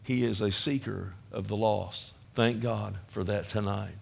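A man with a Texan accent preaching a sermon with passion, moving from loud urging to quiet storytelling. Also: lowish voice, steady tone, a little slow, vocal fry, breathy edge. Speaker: pastor.

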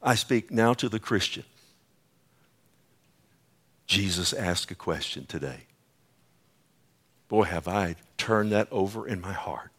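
A middle-aged man preaching a sermon with an altar call, swinging between booming quoted scripture and hushed, whispered pleading. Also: slow, pauses often. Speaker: pastor. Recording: faint music underneath.

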